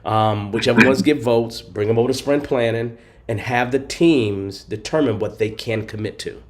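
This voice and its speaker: A hoarse man hosts a casual live show, sitting at a middling pitch. He coaches a guest in a friendly, encouraging way and keeps clearing his throat. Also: moderate pace. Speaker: host and agile coach.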